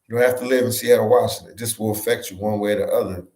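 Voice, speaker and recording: Reading viewer comments aloud on a livestream, a Philadelphia travel vlogger reacts in a relaxed, conversational way. He talks fast with fairly even intonation and a lowish, darkish voice, in an office room that echoes.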